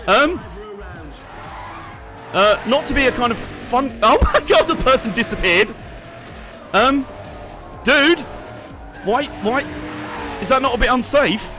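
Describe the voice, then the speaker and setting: A man's voice: high-pitched, lively intonation, unhurried, long pauses, bright, forceful tone. Man joking through a race game. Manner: joking, sweary, laughs a lot. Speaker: let's play streamer. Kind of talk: live game commentary. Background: racing game music and engine noise.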